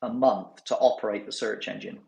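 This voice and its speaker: A man hosting a casual podcast chat, talking in an animated way and acting out what others said. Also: lowish voice, brisk, gravelly, echoey room. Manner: animated, mimics others in quotes. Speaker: newsletter host.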